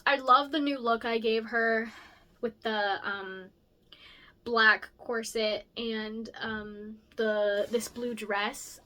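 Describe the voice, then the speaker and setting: A young woman chatting casually about her original characters, rambling with lots of fillers and self-corrections and lively jumps in pitch. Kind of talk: casual chat.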